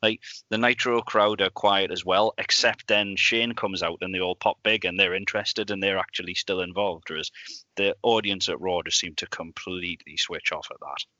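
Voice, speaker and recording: A man co-hosting a podcast, talking in a casual, animated way with frequent restarts and bursts of laughter. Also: low voice, moderate pace, dry recording. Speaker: podcast co-host. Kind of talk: casual chat. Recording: dull lo-fi dry sound.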